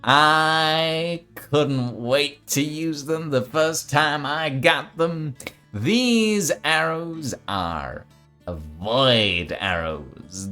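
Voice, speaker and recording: A man's voice: a little high, sharp tone, pitched above the performer's own voice, heavily acted. A man putting on a gleeful old arrow merchant. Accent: wobbly put-on accent of no fixed place. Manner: drawn-out, sing-song, relishing his wares.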